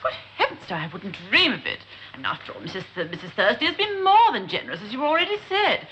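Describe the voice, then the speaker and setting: A woman's voice: fairly high pitch, wildly swooping pitch, quick pace, bright, forceful tone, full character voice. A woman playing an affected, gushing upper-class lady in a 1960s TV sitcom. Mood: wheedling. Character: pushy upper-class woman, wheedling and vain. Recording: dull hissy 1960s TV recording.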